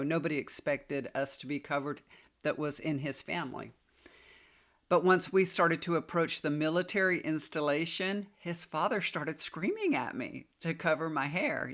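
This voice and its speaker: Woman in her fifties, warm storytelling vlog delivery, confiding and casual. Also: low-pitched. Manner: chatty, confiding, addresses viewers as y'all. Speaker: tarot reader and healer.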